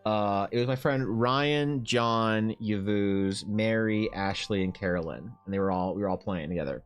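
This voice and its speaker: A man streaming while he draws, telling a story in a loose, animated way. He swears, laughs and restarts often. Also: on the low side, normal speed, clean tone, faint music behind. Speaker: streamer and artist.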